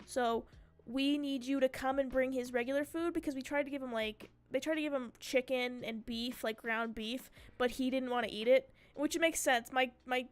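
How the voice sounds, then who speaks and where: A young woman streamer telling a story in casual chat, animated and swearing freely. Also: high-pitched. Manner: chatty and animated, swears freely, mimics her cat's screams.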